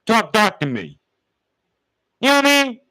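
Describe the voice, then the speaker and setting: A man gives a casual spiritual talk, full of slang and spoken right at his listeners. His voice sits high and bright, and his pitch swings widely from phrase to phrase. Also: huge pitch swings, normal speed, poor audio. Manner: street slang, conversational, addresses listeners directly. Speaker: spiritual teacher.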